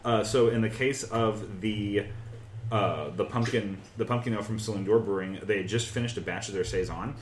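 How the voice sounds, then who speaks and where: Rambling, geeky low-voiced man in an echoey room. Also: moderate pace, slight background noise. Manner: rambling, many "uh" fillers, enthusiastic and geeky. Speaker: podcast co-host, beer expert. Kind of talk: casual chat.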